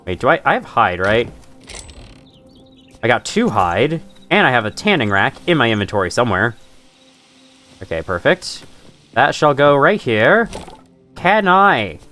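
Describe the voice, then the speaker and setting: A man's voice: mid-range voice, very animated, unhurried, long pauses, bright, forceful tone. A young man chatting and laughing while playing a game live, talking to the creatures on screen. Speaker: streamer. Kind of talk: live gameplay commentary. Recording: faint music in background.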